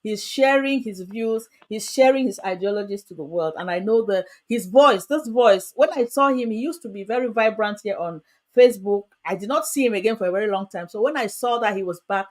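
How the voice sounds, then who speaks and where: Lively woman host addressing viewers. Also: mid-range voice, a little fast. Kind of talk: livestream chat.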